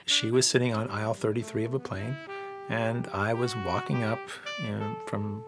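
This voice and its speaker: A middle-aged man, an audiobook producer, telling his life story in a relaxed, rambling interview. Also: fairly low pitch, normal speed, over music. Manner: relaxed, rambling anecdotes with fillers. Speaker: audiobook studio owner.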